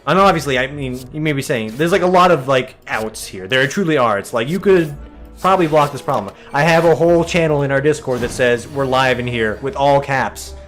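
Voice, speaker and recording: Faint music plays behind a young streamer and let's-play host with a mid-range voice, talking a little fast. Chatty, animated and joking as he plays a game, he rambles through commentary and does impressions of his friends' lines.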